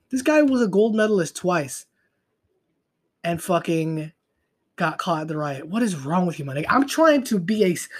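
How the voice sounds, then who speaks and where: A young man hosting a solo podcast, talking in a profane, rambling way and trailing off into mutters. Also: sits high. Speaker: podcast host. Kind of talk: casual solo podcast rant.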